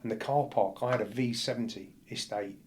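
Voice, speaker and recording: A podcast guest who works as a firefighter tells a painful personal story bluntly and vividly, acting out what people said. His medium-pitched voice has fairly even intonation, and he talks fairly quickly.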